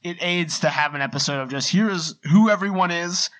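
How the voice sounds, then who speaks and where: A young man co-hosting a podcast, explaining at length in relaxed casual chat. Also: sits high, brisk, slight background noise, poor audio. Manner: relaxed, chatty, talks in long run-on explanations. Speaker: podcast co-host.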